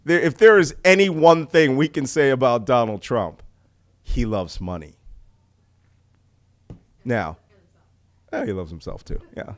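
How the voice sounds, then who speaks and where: A middle-aged man from the United States giving an animated public talk on intelligence, full of rhetorical questions and jokes. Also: mid-range voice, unhurried, pauses often. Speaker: speaker on intelligence.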